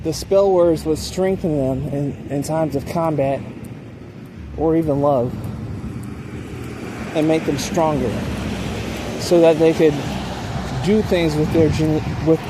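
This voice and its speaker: A man delivering a preachy advice monologue to his viewers, often pausing to ask "okay?". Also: on the high side, background noise. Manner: preachy, repeats "okay?" to check in. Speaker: dating advice channel host.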